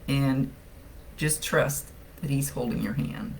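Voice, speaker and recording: A woman talking through a live psychic reading in a relaxed, chatty way. Her voice carries a gravelly fry, and she laughs often. A faint noise sits under her voice. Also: rumbling low, takes it slowly. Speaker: psychic medium. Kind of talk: live-streamed reading, casual chat.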